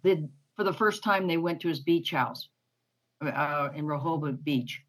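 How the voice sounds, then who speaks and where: A woman with a notably low voice talks politics on a podcast. She sounds emphatic and indignant as she presses her points. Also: unhurried, poor audio. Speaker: podcast co-host. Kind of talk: casual political discussion.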